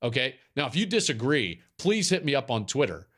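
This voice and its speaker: A man's voice: medium pitch, big pitch swings, brisk, a bit bright, husky. A man hosting a football podcast, talking in a casual, emphatic way and repeating his points for effect. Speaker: podcast host. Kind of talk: casual chat.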